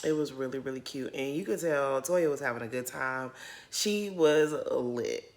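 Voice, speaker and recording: With a bass voice at a moderate pace, a female YouTuber delivers chatty recap commentary on a reality show episode to camera. She's candid and emotional, addressing her audience as "y'all."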